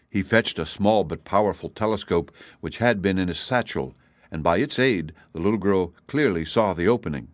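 Low-voiced man reading a storybook. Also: normal speed, dry recording. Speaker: narrator. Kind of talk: scripted narration.

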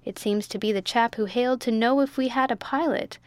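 A woman reading as a calm young ship's mate. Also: a little high, a little fast, clean tone, no room sound, natural voice. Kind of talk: audiobook reading.

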